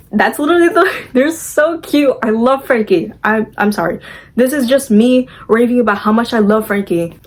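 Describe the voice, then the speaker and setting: A woman's voice: on the high side, low-quality recording. Chatty young woman recapping a movie. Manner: chatty, gushing, acts out the characters' lines.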